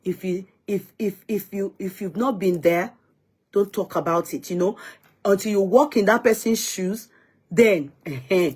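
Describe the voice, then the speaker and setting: Nigerian woman vlogging, husky voice, earnest and pleading, repeats herself a lot. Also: medium pitch, darkish tone. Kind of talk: casual commentary vlog.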